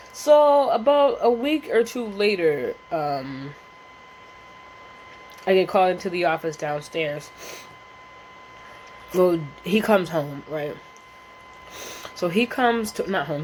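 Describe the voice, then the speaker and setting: A woman spins a casual storytime for her viewers. She's animated and profane, rambling through slang and fillers. She laughs often along the way. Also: lowish voice, slight background noise, rough recording. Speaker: vlogger.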